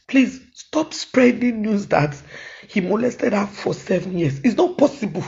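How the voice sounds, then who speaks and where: A woman's voice: on the high side, animated, unhurried, vocal fry, mellow. A Nigerian comedian, a woman, giving a tearful, pleading video statement, switching between Yoruba and English. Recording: dull lo-fi audio.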